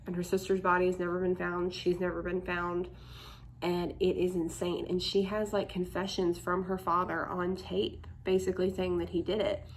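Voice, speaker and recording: A woman's voice: lowish voice, level tone, moderate pace, a little hiss or hum. A young woman vlogging to camera in casual chat, candid and chatty, full of "like" fillers.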